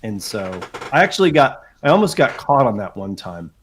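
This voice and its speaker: Animated man telling stories. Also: mid-range voice, moderate pace, slight background noise. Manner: animated anecdotes, frequent laughs and asides. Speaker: guest author. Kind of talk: casual storytelling.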